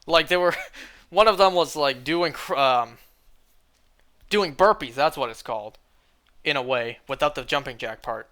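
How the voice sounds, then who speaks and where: A man with a bright, fairly high voice talks to his stream in an easygoing ramble. He leans on "like" constantly and drifts from topic to topic. It sounds like relaxed livestream chatter. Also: unhurried, long pauses. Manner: rambling, filler-heavy talk with many "like"s. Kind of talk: casual livestream chat while shiny hunting.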